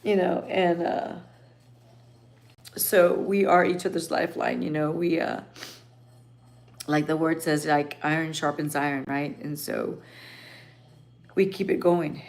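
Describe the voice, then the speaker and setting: A middle-aged woman from Texas hosting a livestream, talking emotionally and haltingly to her viewers with many restarts. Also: low voice, a little mellow. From Texas, Rio Grande Valley. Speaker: livestream host. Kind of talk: casual chat with viewers.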